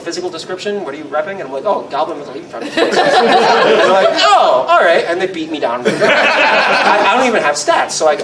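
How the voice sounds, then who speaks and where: Guy on a con panel telling a silly larp story, bouncy voice, roomy echo. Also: recorded from a distance. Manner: animated, laughing, squeaky voice bursts. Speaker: convention panelist. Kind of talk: casual storytelling. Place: convention panel room.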